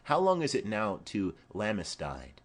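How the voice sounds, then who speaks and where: A man's voice: lowish voice, huge pitch swings, measured pace, full character voice. Rambling old nurse, read by a man. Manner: rambling, digressive storytelling. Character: chattering elderly woman nurse, rambling and fond. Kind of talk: audiobook reading of a play.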